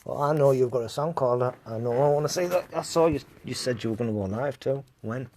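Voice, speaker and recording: A man's voice: medium pitch, quick pace, darkish tone, a little hiss or hum. A man hosting a live stream, telling rambling stories to his chat, laughing often and swearing freely. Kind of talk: casual storytelling to live chat.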